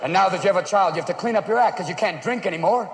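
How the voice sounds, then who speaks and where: A man performing a stand-up comedy routine on stage, manic and rapid-fire, darting into silly voices, recorded live with a roaring audience. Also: sits high, slight background noise. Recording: roomy live show recording, loud audience laughter.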